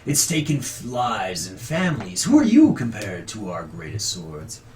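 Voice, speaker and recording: A man voicing an indignant middle-aged village priest who shouts accusingly at a stranger in a tabletop game. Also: on the low side, huge pitch swings, normal speed, soft background music, pitched below the performer's own voice. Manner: loud, accusing, proclaiming.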